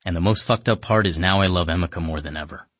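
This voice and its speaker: Brief: husky male narrator, deadpan comic storytelling. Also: low voice, fast, no room sound. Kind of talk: comic first-person story reading.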